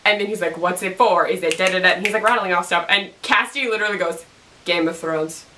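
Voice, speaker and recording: A woman's voice: lowish voice, quick pace, pushed and bright, distant mic, a little hiss or hum. A young woman recapping a TV episode in a goofy, rambling way, acting out characters' lines in silly voices. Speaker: TV recap vlogger.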